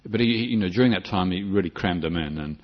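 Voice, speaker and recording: Talking fast in a low voice, an older Buddhist monk from New Zealand offers a reflective dharma talk with frequent restarts and bits of light humor. The recording quality is dull and lo-fi.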